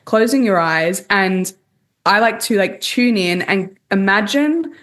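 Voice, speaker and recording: A woman dating coach, a guest on a podcast, calmly explaining techniques step by step in casual conversation. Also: medium pitch, a little slow. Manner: calm, explanatory, walks through techniques step by step.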